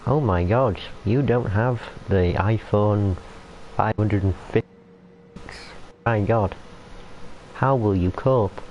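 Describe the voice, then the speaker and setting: A man's voice: on the low side, slow, long pauses. A man putting on a fake American accent to play a snobbish phone fan, in a muffled recording with faint hiss. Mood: mocking.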